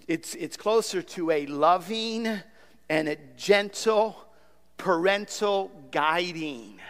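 A male pastor delivers an emphatic sermon, repeating phrases and swinging from loud bursts to quiet, low asides. His voice sits high and bright. A long reverb trails after his words in the church sanctuary. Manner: emphatic preaching with repetitions and swings from loud to soft.

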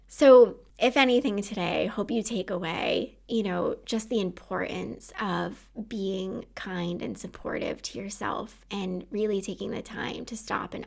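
A woman in her thirties speaks as a podcast host, earnest and encouraging. Her voice has a gravelly fry running through it at a middling pitch. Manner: earnest and encouraging, warm laughs. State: tearful at times. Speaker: podcast host and anxiety coach. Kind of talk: heartfelt solo podcast talk.

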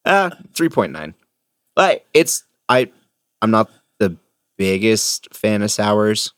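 A man's voice: on the low side, very animated, slow pace, a bit bright, no echo, studio quality. A man, co-hosting a podcast in easygoing casual chat. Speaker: podcast co-host.

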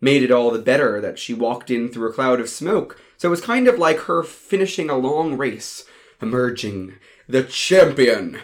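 A man's voice: medium pitch, very animated, normal speed. Wry male audiobook narrator. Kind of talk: first-person audiobook narration.

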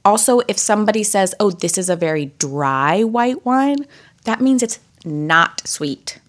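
Speaking at a measured pace with a medium-pitched voice, a young podcast co-host explains things in a casual chat. Her manner is lively, and her explanations are packed with fillers.

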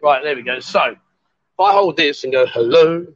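A man's voice: medium pitch, steady tone, a little fast, fairly bright tone, no echo. A man hosting a live stream from a bar, chatting in a jovial, teasing way. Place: bar, indoors. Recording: dull lo-fi stream audio.

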